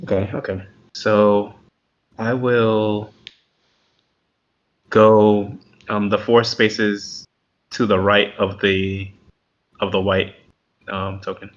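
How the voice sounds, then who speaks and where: A man's voice: fairly low pitch, flat delivery, drawn-out words, pauses often, highs cut off. A man playing through a tabletop game playtest, hesitant and thinking his moves aloud with many ums. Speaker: playtest participant. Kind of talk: casual game play.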